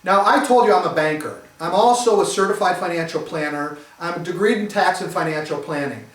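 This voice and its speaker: A middle-aged man from Detroit tells his story to a live audience, animated and poking fun at himself. His voice sits high. The room around him is echoey. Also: fairly quick. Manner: animated, self-mocking storyteller. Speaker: speaker giving a testimony. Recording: roomy echo, mic at a distance.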